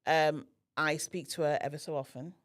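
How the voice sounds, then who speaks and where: Woman, low voice, podcast guest, personal storytelling, acts out dialogue. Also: moderate pace. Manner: animated, acts out quoted dialogue.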